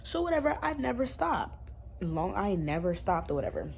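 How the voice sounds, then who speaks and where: A woman's voice: medium pitch, sing-song, moderate pace, vocal fry, slight background noise. A young woman in a casual storytime vlog, talking bluntly in slang and swearing freely. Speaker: YouTube storyteller.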